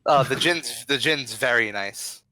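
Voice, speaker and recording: A man voicing a young swamp-folk ferrywoman who speaks haltingly, full of hesitations. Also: mid-range voice, bright, forceful tone, no echo, voice pushed down. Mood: hesitant.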